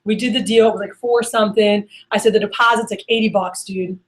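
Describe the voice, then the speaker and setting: Fast-talking animated woman sales manager. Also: mid-range voice. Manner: animated, acts out quoted phone calls. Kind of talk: workshop storytelling.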